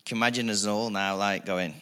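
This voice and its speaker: Bright-voiced energetic male preacher. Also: lowish voice, fast talker, clear, resonant tone. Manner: energetic, repetitive preaching with rising emphasis and asides. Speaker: pastor. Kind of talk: sermon.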